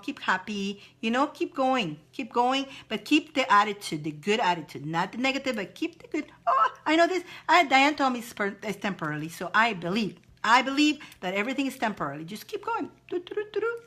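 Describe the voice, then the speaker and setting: A woman's voice: fairly high pitch, sing-song, fairly quick, hardly any pauses, bright, forceful tone. A woman hosting a live-stream spiritual advice chat, encouraging viewers with repeated phrases and reading out their comments. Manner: repetitive, encouraging, reads viewer comments aloud.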